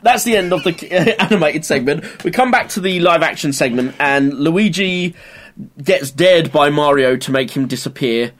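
A man co-hosting a casual podcast. His voice sits a little above average in pitch. He swears freely and walks through episode plots between jokes. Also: animated, normal speed, a bit bright. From Britain. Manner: banters, swears and recaps episodes. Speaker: podcast co-host. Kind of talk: casual chat.

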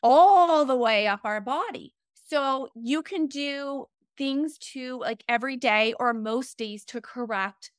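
Animated woman explaining with a dry voice. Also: sits high, takes it slowly, hardly any pauses, clean tone, no echo. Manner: explanatory, animated, uses fillers like "like" and "right?". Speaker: guest, fitness trainer and holistic coach. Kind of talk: podcast interview, explaining.

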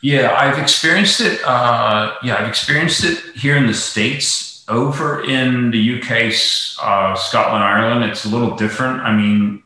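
A man's voice: medium pitch, normal speed, few pauses, sharp tone. A man talking as a guest in a casual interview, rambling with many fillers and restarts. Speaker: guest, golf professional. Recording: very echoey room.

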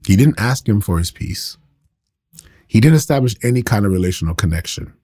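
A man's voice: fairly low pitch, lively intonation, brisk, warm tone. A man in his thirties, a pastor, teaching the Bible in a casual, conversational way, laughing often and poking fun at himself.

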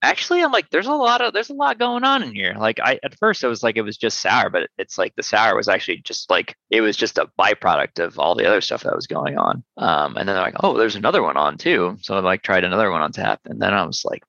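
A man's voice: sits low, animated, fast talker, creaky, hardly any pauses, bright, forceful tone, no echo, dull audio. A man who runs a small sour beer brewery, chatting casually in an interview with loose, profane talk and many fillers.

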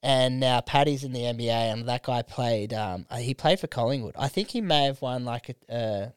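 Young Aussie bloke, relaxed sweary storyteller, clean resonant tone, close dry mic. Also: male voice, medium pitch, normal speed, clean tone, dry recording. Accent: Australian. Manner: laid-back storyteller, swears freely, lots of "like". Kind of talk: casual podcast chat.

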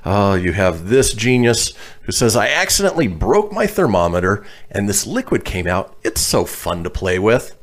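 Laughing radio host, lively low voice. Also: male voice, moderate pace, hardly any pauses. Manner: laughs often, reads listener posts aloud. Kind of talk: casual radio banter.

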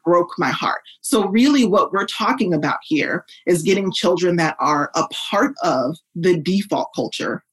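Earnest woman with a husky voice. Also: normal speed, few pauses, low-quality recording. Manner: earnest, lively, shifts pitch up when quoting others. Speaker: guest, educator. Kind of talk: podcast interview answer.

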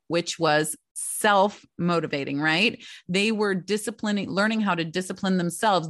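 A middle-aged woman talks casually to the camera about her years as a homeschooling mother, chatty, heartfelt, and openly emotional, often checking in with "right?" and "you know." Her voice is on the low side and a bit bright, captured in a dry, studio-quality recording.

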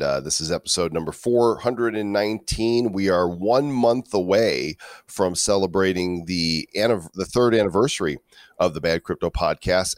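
A man's voice: low voice, dry recording, studio quality. A man co-hosting a casual crypto podcast, joking and punning as he reads headlines and promotes events. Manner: playful, jokey, punning. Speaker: podcast co-host. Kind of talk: casual comedic podcast chat.

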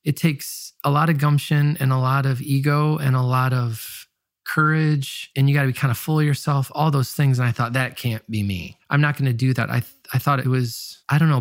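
A man's voice: medium pitch, no echo, clean studio sound. A pastor and musician with a nasal Michigan accent, talking candidly and reflectively in an interview, often restarting his sentences. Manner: candid, self-questioning, many restarts. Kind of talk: reflective casual interview talk.

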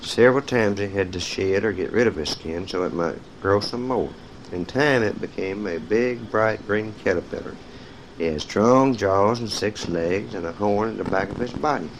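A man with a somewhat low voice reads picture-book stories to young children. He talks to his listeners directly and tells them when to turn the page. A faint noise sits under his voice. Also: moderate pace, low-quality recording. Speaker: storyteller. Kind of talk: reading children's stories aloud.

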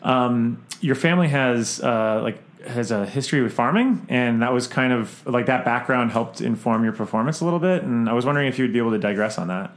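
A man's voice: medium pitch, a little fast, hardly any pauses. A male podcast host with a voice in the middle of the range. He asks his question hesitantly, piling up fillers and restarts along the way. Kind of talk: interview questions.

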